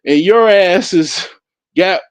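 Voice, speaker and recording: Slow-talking laughing man, dry close sound. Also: high voice, smooth, dry recording. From Africa. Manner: profane, laughing, rambling with frequent restarts. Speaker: podcast host. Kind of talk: casual solo commentary.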